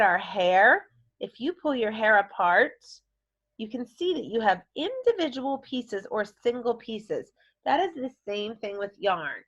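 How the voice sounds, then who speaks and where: Woman, elementary teacher, recorded vocabulary lesson, encouraging, fairly high voice, muffled lo-fi sound. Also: a bit bright. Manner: encouraging, models words in playful voices.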